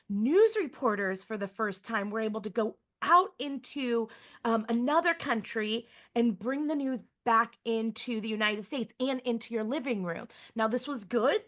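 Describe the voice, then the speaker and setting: Woman, museum educator, online student lesson, chatty, frequent tag questions, bright voice. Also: fairly high pitch. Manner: lively, chatty, often checks in with a tag question.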